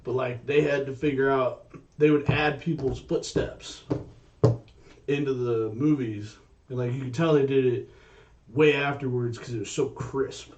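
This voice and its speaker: A man co-hosting a casual podcast, telling stories in an animated way and swearing freely. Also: mid-range voice, a little slow, far from the mic, slight background noise. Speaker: podcast co-host. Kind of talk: casual chat.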